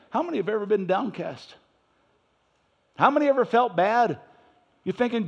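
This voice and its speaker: A man preaching a sermon in church, swinging between loud emphasis and quiet asides. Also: fairly high pitch, brisk, gravelly, lo-fi sound. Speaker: pastor.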